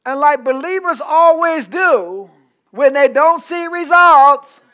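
High-voiced, bright preacher man. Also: expressive, takes it slowly. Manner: calls for congregation responses, builds to shouting peaks. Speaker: pastor. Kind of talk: sermon.

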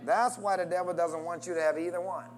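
A man's voice: fairly even intonation, fast, faint music behind. A man preaching a sermon, constantly calling out questions for the congregation to answer and urging them to say amen. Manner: call-and-response preaching with wide swings in pitch and loudness.

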